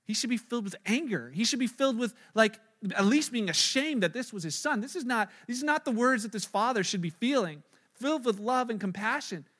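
A man's voice: very high-pitched, animated, brisk, a bit bright. A male pastor preaching a sermon in a casual, storytelling way with frequent fillers.

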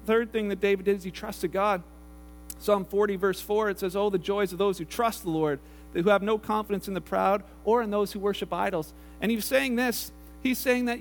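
A male pastor preaching a conversational sermon, slipping into quick acted-out voices for the people in his stories. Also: high voice. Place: church sanctuary. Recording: roomy hall with mains hum.

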